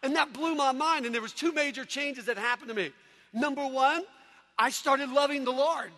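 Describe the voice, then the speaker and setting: A man giving an energetic sermon testimony to a crowd, animated and often shouting. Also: very high voice, moderate pace. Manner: animated, shouting, mimicking people. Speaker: preacher. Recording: long hall reverb.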